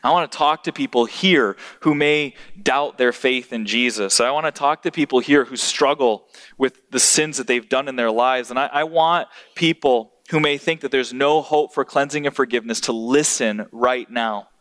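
A man preaching a sermon, swinging from high exclamations down to low, hushed emphasis. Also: normal speed. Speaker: pastor. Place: church hall.

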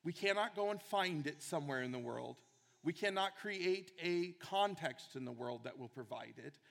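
Earnest high-voiced man preaching in a hall. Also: expressive, normal speed, vocal fry, fairly bright tone. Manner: earnest, emphatic preaching with repetition. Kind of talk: sermon.

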